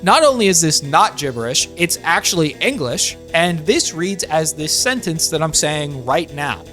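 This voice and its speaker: Brief: male host, slightly high voice, dry ironic humor, explainer narration. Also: big pitch swings, moderate pace, pushed and bright, faint music behind. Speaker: online video host. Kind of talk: jokey explainer voice-over.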